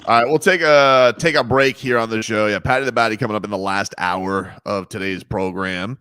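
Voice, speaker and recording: A man's voice: lowish voice, fairly even intonation, a little fast, bright, forceful tone, clear, resonant tone, no echo, clean studio sound. A man hosting a sports radio show, chatting loosely and joking with lots of fillers. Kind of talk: casual sports radio chat.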